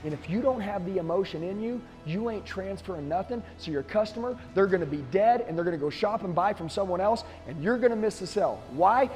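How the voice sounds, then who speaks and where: A man's voice: high-pitched, expressive, a little fast, few pauses, darkish tone, in a large hall, soft background music. A middle-aged man, a sales trainer, giving an intense, emphatic motivational talk to the camera.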